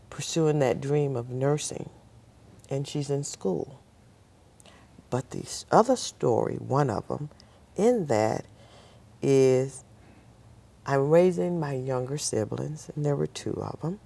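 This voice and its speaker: A woman with an unusually deep voice tells her story as a talk show guest. Her voice has a gravelly, creaky edge. She tells it in a lively way and acts out the people in her story. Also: slow, long pauses. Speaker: nurse. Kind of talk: personal storytelling.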